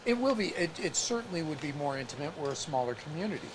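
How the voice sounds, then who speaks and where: Halting, higher-voiced man on a noisy stream. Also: big pitch swings. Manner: halting, restarts often, reads viewer comments aloud. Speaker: co-host. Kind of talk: casual live-stream chat.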